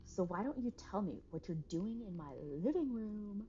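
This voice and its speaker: A woman's voice: mid-range voice, animated, normal speed, mellow, voice pushed up, natural voice. Woman reading as a touchy, snippy young man. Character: prickly defensive young man, touchy and sarcastic. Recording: dull lo-fi stream mic with noise.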